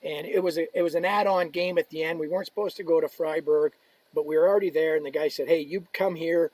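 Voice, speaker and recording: A man's voice: a little high, fast. A man, a podcast guest, telling a long story in casual conversation, acting out the quotes of people in it and laughing along. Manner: animated anecdote telling, acts out quotes, laughs, swears. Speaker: podcast guest, equipment ambassador.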